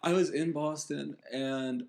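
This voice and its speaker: A man's voice: fairly high pitch, steady tone, slow pace, vocal fry, crowd noise. A man from Denver who is a podcast guest, chatting casually. He laughs often and swears through his jokes. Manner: laughs often, profane and joking. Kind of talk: casual chat.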